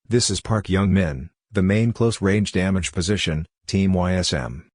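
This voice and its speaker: Man, recap narrator, scripted storytelling, steady read, deep voice, dry sound. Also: a little slow, dry recording.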